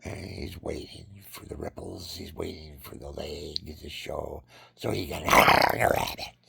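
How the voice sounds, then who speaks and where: A man with a very low, gravelly voice rambles through a religious monologue, drifting from story to sermon. His tone is husky and roughened, and he suddenly breaks into high, acted-out cries. The sound is close and dry, with no room around it. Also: lively intonation, slow, bright, forceful tone, dry recording.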